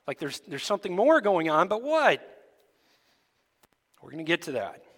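A male pastor giving a sermon to his church, asking the congregation lively rhetorical questions. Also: high-pitched, moderate pace, big-room sound. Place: church sanctuary.

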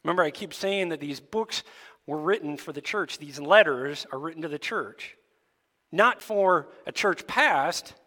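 A male pastor giving a sermon to his church, asking the congregation lively rhetorical questions. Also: fairly high pitch, unhurried, big-room sound. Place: church sanctuary.

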